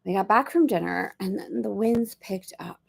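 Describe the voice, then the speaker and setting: A middle-aged woman hosts a casual livestream, chatty and upbeat as she rambles through playful asides. Her voice sits at an ordinary pitch but carries a steady gravelly fry. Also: moderate pace. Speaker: host of a spiritual study livestream. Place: on a boat.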